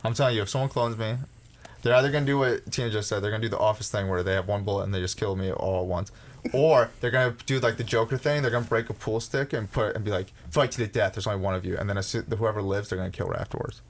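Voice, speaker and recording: A man's voice: on the low side, fairly even intonation, quick pace. A man co-hosting a podcast in a loose group chat, crude and joking, talking over the others. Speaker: podcast co-host.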